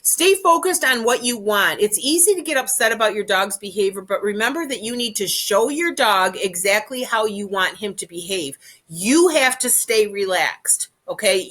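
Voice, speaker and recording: A woman's voice: medium pitch, animated, moderate pace, a bit bright. A woman giving casual, chatty dog training advice, often repeating her points and checking in with "okay?". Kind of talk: informal instructional talk.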